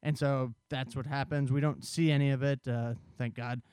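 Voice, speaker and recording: A man with a smooth, resonant voice walks through a movie's story in relaxed podcast chat. The sound is close and dry, with no room around it. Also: mid-range voice, normal speed, no echo. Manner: conversational, explains plot at length. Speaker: podcast co-host summarizing a film. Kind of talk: casual film discussion.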